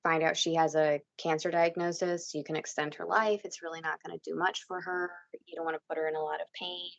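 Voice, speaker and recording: A woman guest on a casual podcast, speaking in a reflective, halting way. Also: low-pitched, little pitch movement, creaky, no room sound.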